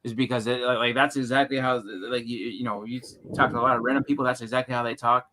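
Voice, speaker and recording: A man with a New England accent in casual chat, telling rambling stories and bursting into loud impressions. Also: mid-range voice, level tone, fast talker, a little hiss or hum.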